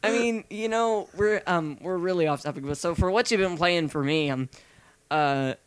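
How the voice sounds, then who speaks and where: A man's voice: sits high, normal speed, clean tone, no echo. A young man hosting a casual gaming podcast, rambling with lots of fillers and restarts. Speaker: podcast host.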